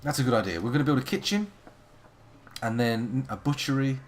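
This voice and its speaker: A man's voice: mid-range voice, big pitch swings, fairly quick. A man giving playful, wordy live commentary on a game he is playing, making theatrical asides to his chat. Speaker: live-streaming game player.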